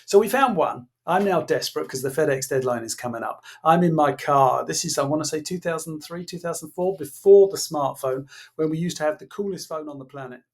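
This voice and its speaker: A man with a husky, slightly raised voice tells his story as a podcast guest. He acts out each exchange and chuckles through the punchlines. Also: a little high, a little fast. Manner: acts out quoted dialogue, laughs while telling. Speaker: guest, former innovation executive. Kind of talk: animated anecdotal storytelling.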